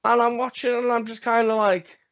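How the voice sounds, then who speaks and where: A man's voice: very high-pitched, flat delivery, a little fast, a bit bright, lo-fi sound. A man co-hosting a casual wrestling podcast, talking in a rambling, profane way with emphatic repeats. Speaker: podcast co-host.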